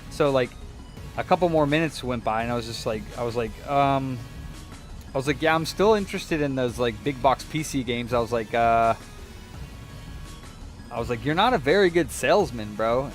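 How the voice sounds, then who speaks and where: A young man chatting casually as he fixes a controller, rambling through a story, swearing and mimicking people in a higher voice. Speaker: repair shop vlogger. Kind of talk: casual chat while repairing a controller.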